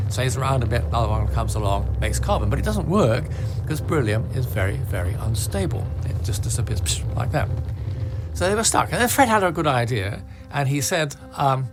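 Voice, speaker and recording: An older English man with a measured storytelling delivery, explaining a science story in a recorded talk. His voice sits at a middling pitch. Clear music plays underneath the clip. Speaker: physicist and cleric.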